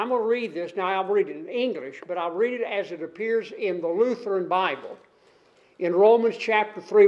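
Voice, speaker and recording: A man preaching a sermon and reading scripture, measured and emphatic, pausing often with "uh". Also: high-pitched, a little mellow, dull audio. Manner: measured, emphatic on key words, with frequent "uh" pauses.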